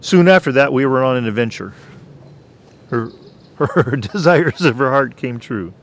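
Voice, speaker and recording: A man telling his faith testimony on his own channel in an earnest way, clearing his throat at times. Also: mid-range voice, lively intonation. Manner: slow, earnest, preacher-like. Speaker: channel host.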